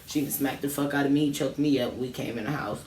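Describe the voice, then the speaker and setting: A woman's voice: rumbling low, fast, darkish tone, distant mic. Laid-back woman, echoey and off-mic. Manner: laid-back storytelling, lots of slang and laughter. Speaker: podcast co-host. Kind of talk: casual chat while smoking. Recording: echoey room, off-mic, faint noise.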